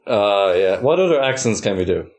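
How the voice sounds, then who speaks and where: Young Irish co-host, teasing banter, pitch swings widely. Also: big pitch swings, normal speed. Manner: teasing, laughs often. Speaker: podcast co-host. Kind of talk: casual chat.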